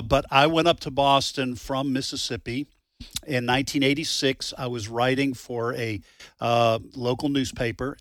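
Male radio co-host, ringing bright tone, close dry studio mic, lively storyteller. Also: medium pitch, dry recording. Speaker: radio talk show co-host. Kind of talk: casual on-air banter and storytelling. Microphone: studio microphone.

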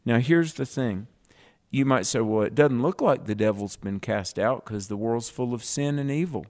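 A man's voice: medium pitch, normal speed, a little mellow. A man co-hosting a Bible teaching show, reading scripture aloud and explaining it with emphatic contrasts.

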